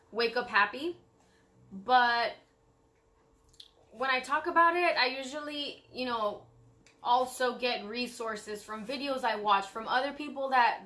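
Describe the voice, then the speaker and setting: A woman's voice: on the high side, pushed and bright. A young woman chatting casually to her viewers on her vlog, bubbly and rambling with lots of fillers. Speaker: vlogger.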